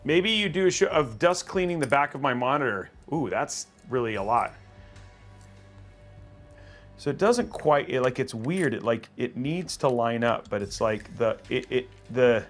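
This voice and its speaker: During a casual PC-building livestream, a man thinks aloud as he works, trailing off, restarting sentences and reading out viewer messages. His mid-range voice has lively intonation and a measured pace, with faint music behind him.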